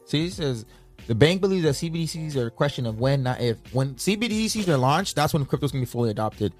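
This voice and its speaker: Fast-talking, emphatic male co-host. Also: a little high, expressive, soft background music. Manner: fast, emphatic, repeats points. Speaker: podcast co-host. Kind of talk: casual chat.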